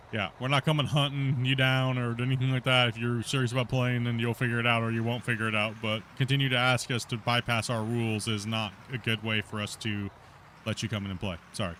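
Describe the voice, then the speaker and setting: A man's voice: mid-range voice, fairly even intonation, normal speed, fairly bright tone, slight background noise. A man hosting a gaming stream, chatting casually over voice chat and laughing often. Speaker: stream host.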